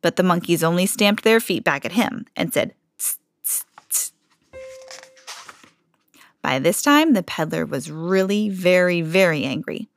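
Woman narrator, children's picture book read-aloud, expressive, slows down on refrains. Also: lowish voice, creaky, dry recording. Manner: expressive, lingers on repeated phrases. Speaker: storybook reader, podcast host.

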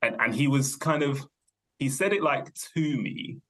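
A young man, a podcast guest thinking aloud in a relaxed, rambling way, full of fillers and self-corrections. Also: mid-range voice, moderate pace. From London, England. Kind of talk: casual conversational interview.

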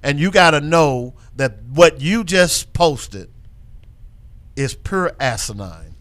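Exasperated ranting man, higher voice. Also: lively intonation, slow. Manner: exasperated, ranting, rising to near-shouts. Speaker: co-host. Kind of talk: heated casual chat.

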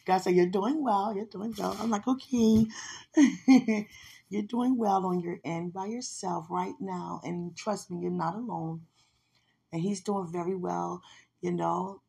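A woman's voice: lowish voice, fairly even intonation, a little slow, vocal fry, mellow, slightly rough. A woman hosting a podcast, talking about her faith in a fervent, emotional way and laughing often. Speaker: podcast host. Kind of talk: devotional personal talk.

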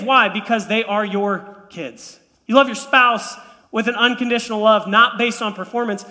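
A man in his thirties preaches to his church with a notably high, bright voice. He tells family stories and adds playful, animated asides. His voice rings out with the long reverb of a large church hall. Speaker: pastor. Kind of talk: sermon. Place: church sanctuary.

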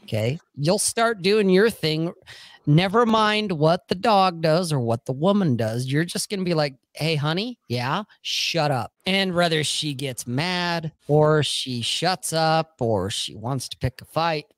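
A man with a fairly high, very lively voice tells a story slowly in a casual podcast chat. He talks bluntly and swears freely, stopping often to ask "okay?". The sound is dry and close. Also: no room sound. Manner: blunt, profane storytelling with frequent "okay?" check-ins.

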